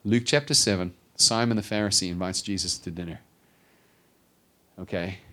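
Here a middle-aged male pastor preaches at a moderate pace in a deep voice. He's lively and performs the voices of the figures in the biblical story.

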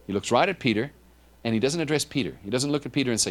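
A man preaches in an animated, conversational style, tossing asides to the congregation and often restarting his sentences. His voice sits lowish and he talks fairly quickly.

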